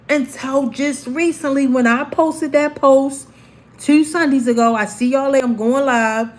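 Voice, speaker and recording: A livestream host in her forties, with a voice that sits high and an unhurried pace, casually tells her viewers a personal story. She's animated and acts out the voices of the people in it.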